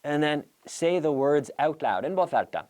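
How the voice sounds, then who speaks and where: A lively man teaches English on a show, his pitch swinging widely as he talks. He is playful and drills sounds slowly, slipping in Spanish phrases. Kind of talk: lively televised English lesson.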